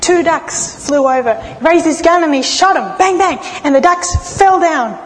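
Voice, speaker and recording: High-voiced woman preaching in a reverberant hall. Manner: expressive storytelling with dramatic pauses. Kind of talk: sermon. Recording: long reverb of a large hall.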